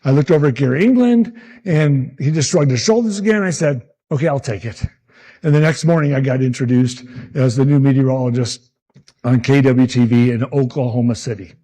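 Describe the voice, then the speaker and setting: A man in his sixties, a meteorologist telling animated stories about his early career and acting out the people he quotes. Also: mid-range voice, fairly quick. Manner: animated anecdotes, acts out quotes. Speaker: meteorologist speaker at a summit. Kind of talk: storytelling talk.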